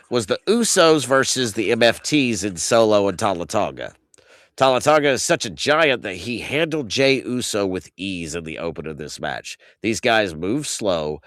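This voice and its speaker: A man in his thirties hosts a casual wrestling recap, his pitch swinging widely as he rants. He swears freely and sounds exasperated. The sound is dry and close, with no room around it. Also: no echo. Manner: animated ranting, swings loud and high when outraged; profane, exasperated. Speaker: podcast host.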